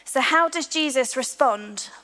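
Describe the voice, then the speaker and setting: A woman preaching a sermon to her church, earnest, slowing to a hushed voice on key lines. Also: sits high. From England. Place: large church hall. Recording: long hall reverb.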